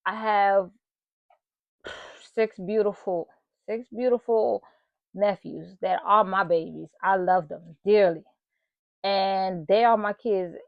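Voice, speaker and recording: A woman's voice: medium pitch, fairly even intonation, slow pace, creaky, long pauses, no echo, lo-fi sound. Earnest woman sharing testimony. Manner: emotional, earnest, addresses viewers directly. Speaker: channel host. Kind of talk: personal testimony vlog.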